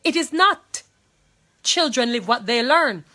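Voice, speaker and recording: A woman's voice: fairly high pitch, lively intonation, slow, bright, forceful tone. A woman with a Jamaican accent, speaking to viewers in an impassioned monologue. She talks emphatically, repeats phrases and pleads, distressed and angry.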